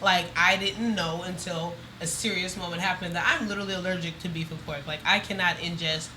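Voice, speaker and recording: A woman's voice: lowish voice, steady tone, fairly quick, background noise. A woman guest on a podcast, a model who teaches runway, talking candidly and expressively with some cursing. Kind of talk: casual chat.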